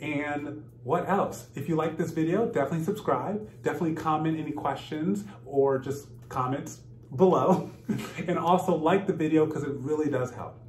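A man's voice: on the high side, moderate pace, echoey room, a little hiss or hum. A man vlogging casually, telling a story with laughter and acting out what people said. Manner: animated, laughing, acts out quotes.

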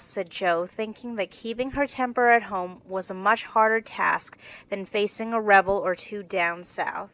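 A woman narrating a classic novel in a steady, clear scripted reading. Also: medium pitch, measured pace, hardly any pauses, no echo, poor audio. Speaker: audiobook narrator.

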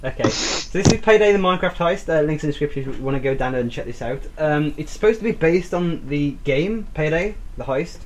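A man's voice: on the high side, lively intonation, a little fast, few pauses, background noise. A young man, hosting a casual gaming video, chatty and joking as he reads on-screen text aloud. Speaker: host.

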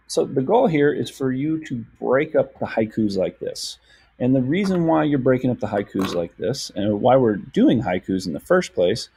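Low gravelly man teaching slowly. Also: warm tone. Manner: patient, filler-heavy, slows to sound out words. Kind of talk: screen-share lesson explanation.

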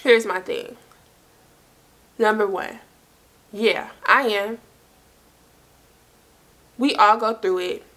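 Bright-voiced young woman telling a story. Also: mid-range voice, extremely slow, long pauses. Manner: animated, acts out quoted dialogue, talks to viewers directly. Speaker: storytime vlogger. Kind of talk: casual storytelling.

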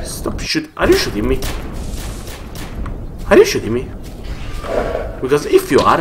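A man's voice: mid-range voice, background noise. Rambling young man narrating a game. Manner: rambling, jumpy, panicky bursts. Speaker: let's play gamer. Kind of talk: casual gameplay commentary.

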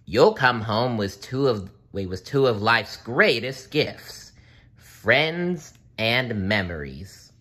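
A man voicing a father who speaks slowly and gently to his son. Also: mid-range voice, expressive. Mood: encouraging.

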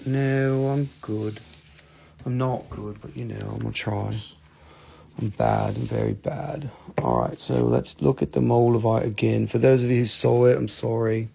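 A man hosts a live mineral sale, chatting in a folksy, rambling way and making fun of himself. His voice has a gravelly edge at an ordinary middle pitch. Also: unhurried, warm tone. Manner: folksy, rambling, self-joking. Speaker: host of a live mineral sales show. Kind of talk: casual live selling chat.

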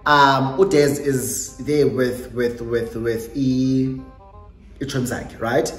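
Animated South African woman telling a story. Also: rumbling low, takes it slowly. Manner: animated storytelling that slips into Xhosa phrases. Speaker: YouTuber. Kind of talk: storytime vlog. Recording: echoey room with faint music.

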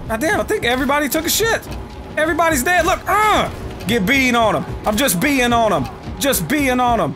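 A young man doing let's play commentary, excitable and profane, trash-talking the enemies in his game. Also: very high voice, fairly quick, over music. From United States. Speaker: gaming YouTuber.

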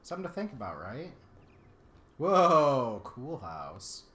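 A woman's voice: rumbling low, big pitch swings, moderate pace. A woman co-hosting a gameplay video, chatting casually and teasing her partner with jokes. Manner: joking, teasing, playful. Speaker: let's play co-host. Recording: roomy echo.

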